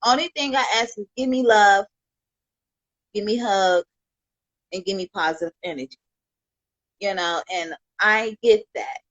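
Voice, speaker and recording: A woman's voice: mid-range voice, measured pace, pauses often, fairly bright tone, no echo, muffled recording. A woman from Chicago on a livestream, talking with heartfelt, rambling thanks to her viewers and peppering her talk with "you know". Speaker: livestream host.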